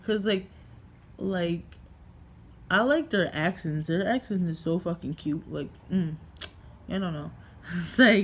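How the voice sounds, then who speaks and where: A woman's voice: lowish voice, a little hiss or hum. A young woman from New York vlogging casually at home, rambling through a story with lots of fillers and swearing.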